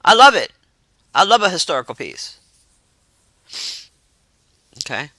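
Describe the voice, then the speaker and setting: A woman's voice: on the low side, sing-song, measured pace, sharp tone. A woman hosting a livestream, chatting loosely and reacting to messages from her chat. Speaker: livestream host.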